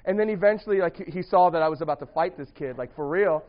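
A man's voice: a little high, fast talker, lo-fi sound. A young man casually telling a long personal story to a small group, rambling with many restarts and often breaking into laughter. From grew up partly in the US Midwest.

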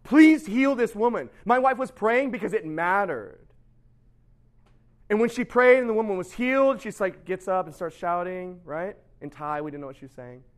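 A middle-aged man preaching in a loose, conversational way. He keeps checking in with "right?" and slips into little acted quotes. His voice sits high for a man. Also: moderate pace. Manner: chatty and animated, keeps asking "right?". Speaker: pastor. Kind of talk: casual sermon.

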